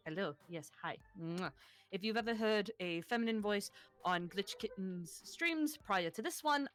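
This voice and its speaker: A woman guest co-streamer chatting casually with the audience in a chatty, giggly way. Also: medium pitch. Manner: chatty, giggly, addresses chat directly.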